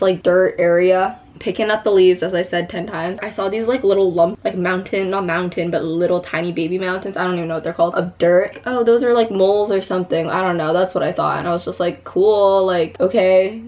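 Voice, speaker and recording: A woman's voice: fairly low pitch, a little mellow, muffled recording. A young woman vlogging at home, telling a story in a chatty, casual way, filling her talk with "like" and "you know.". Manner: chatty, many "like" fillers, re-enacts her own screams.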